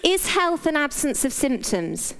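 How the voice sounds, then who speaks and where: A woman's voice: sits high, big pitch swings, unhurried, a bit bright. A middle-aged British woman, a doctor, giving a frank, playful motivational talk in a conversational way. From Britain. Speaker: doctor and speaker.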